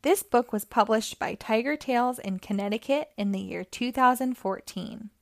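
A woman hosting storytime, reading a children's picture book aloud in a gentle, clear way. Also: a little high, normal speed, dry recording, clean studio sound. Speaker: storytime host.

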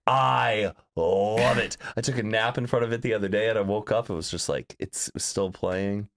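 A man's voice: lowish voice, moderate pace, creaky, a bit bright. A man co-hosting a podcast in casual chat, playful and rambling, laughing often. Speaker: podcast co-host.

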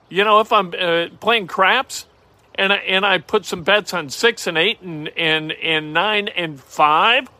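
A man's voice: high-pitched, measured pace, bright, forceful tone, no echo. A middle-aged man hosting a sports talk show, talking casually and rambling wryly through football news with jokey asides. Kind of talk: casual sports commentary monologue.

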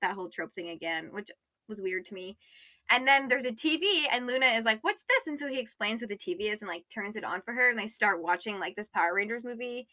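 A woman's voice: mid-range voice, fast talker, sharp tone, no echo, clean studio sound. A young woman co-hosting a podcast in casual chat, retelling a story with lots of "like" and acting out the characters' lines. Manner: chatty, says "like" a lot, acts out characters' lines. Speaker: podcast co-host.

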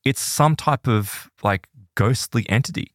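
A man hosting a podcast, retelling a story in a casual, animated way, full of "like" and "right?". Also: mid-range voice, measured pace, dry recording, clean studio sound. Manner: animated, filler-heavy retelling with many "like"s and "right?"s.

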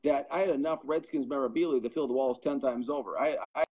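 A man's voice: mid-range voice, quick pace, husky. A middle-aged man, a podcast guest, earnestly telling a personal testimony and often repeating words as he builds momentum. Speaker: podcast guest, pro football scout. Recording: dull lo-fi sound.

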